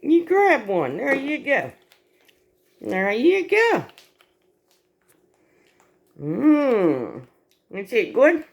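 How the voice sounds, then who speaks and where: A woman's voice: a little high, wildly swooping pitch, drawn-out words, vocal fry, long pauses. A woman in a home video, talking to her pet in doting baby talk while it eats. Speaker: pet owner filming her pet.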